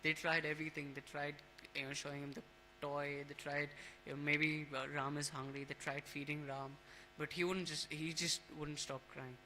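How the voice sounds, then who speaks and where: A man leading a temple scripture class, telling a devotional story in a casual, halting way, with many fillers and restarts. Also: fairly high pitch, level tone, bright, forceful tone, a little hiss or hum, low-quality recording.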